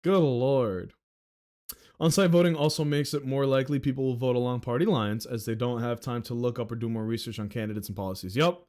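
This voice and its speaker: A man's voice: mid-range voice, fairly quick, darkish tone. A young man from the Philadelphia area ranting sarcastically on a livestream at a desk mic, profane and exasperated.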